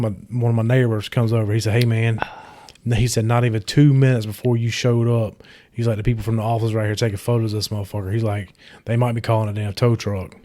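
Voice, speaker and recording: A man's voice: mid-range voice, darkish tone. A man telling a profane, swear-heavy story in casual podcast chat. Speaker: podcast guest.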